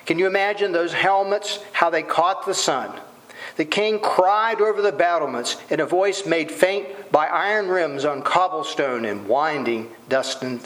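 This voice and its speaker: A man's voice: fairly high pitch, fairly bright tone, low-quality recording. A man preaching a sermon, asking rhetorical questions and voicing quoted lines dramatically.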